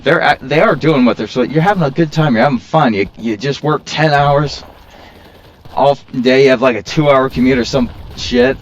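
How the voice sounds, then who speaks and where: A man's voice: medium pitch, normal speed, highs cut off, slight background noise. A man giving casual, rambling commentary while he plays, joking at his own expense and prone to complaining. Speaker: gaming video creator.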